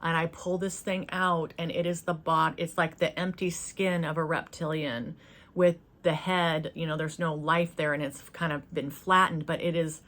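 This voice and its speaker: A woman's voice: sits low, level tone, moderate pace, fairly bright tone. A woman hosting her own spiritual channel, telling a personal story in an earnest, hesitant way with many fillers and restarts, speaking from her couch in a yurt.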